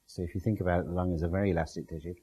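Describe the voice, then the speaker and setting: A man lectures a class in a low, husky voice, walking listeners through slides step by step. His tone is dark and mellow, and he explains with plain everyday comparisons. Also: steady tone, rapid-fire, rough recording.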